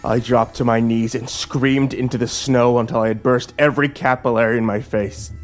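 A man reading a dark first-person story in a low, measured voice. His pitch sits in the middle range. Faint music plays under his narration. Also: fairly even intonation.

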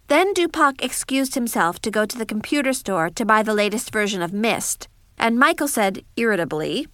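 A woman's voice: a little high, a bit bright, no echo, clean studio sound. Wry woman narrating a diary-style story. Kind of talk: first-person audiobook narration.

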